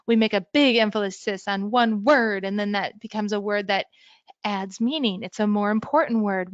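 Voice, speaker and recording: Lady walking teachers thru a lesson, explains things step by step, bit muffled, no room echo. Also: mid-range voice. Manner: clear, explanatory, modeling sample lesson language. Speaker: teacher educator. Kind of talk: instructional talk to teachers.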